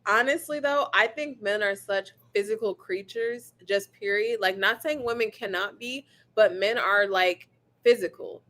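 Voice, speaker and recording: Woman co-host, mid pitch, blunt and profane casual talk. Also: a little slow, a bit bright. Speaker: podcast co-host. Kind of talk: casual chat.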